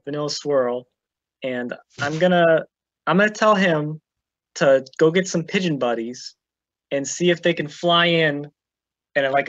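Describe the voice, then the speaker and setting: Tabletop player, mid pitch, dull lo-fi voice-chat mic, dry sound, relaxed. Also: no echo. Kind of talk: casual tabletop game play. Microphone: online voice call.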